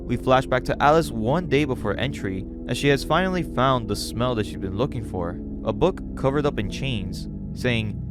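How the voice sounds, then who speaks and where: A man casually narrating a story aloud, with relaxed chatty asides. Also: medium pitch, moderate pace, music in the background. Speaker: channel host. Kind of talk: casual story read-along with commentary.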